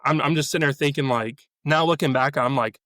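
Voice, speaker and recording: As a podcast guest, a man shares his personal faith testimony, halting often and repeating words while he recalls events. His mid-range voice is a bit bright, captured in a dry recording.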